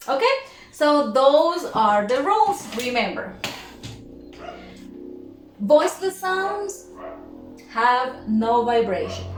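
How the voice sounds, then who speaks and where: A woman teaching English pronunciation, repeating each word and sound slowly and carefully. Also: fairly high pitch. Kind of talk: pronunciation lesson. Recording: echoey room, faint noise.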